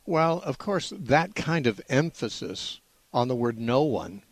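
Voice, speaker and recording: A man hosting a call-in radio Bible show, explaining in a measured way with frequent "uh" restarts. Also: fairly high pitch, lively intonation, dry recording. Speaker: radio Bible-answer host.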